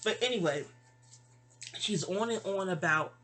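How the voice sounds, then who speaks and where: A woman's voice: a little high, lively intonation, moderate pace, a bit bright, slightly rough. A woman, telling a long, rambling personal story in a chatty way, sounding sleepy. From New York City. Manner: rambling, chatty, with frequent restarts and asides. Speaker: vlogger. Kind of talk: casual storytelling monologue.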